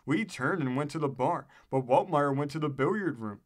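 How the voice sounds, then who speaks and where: A man narrating an old newspaper article in a steady, measured reading voice. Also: fairly high pitch. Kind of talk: read-aloud narration.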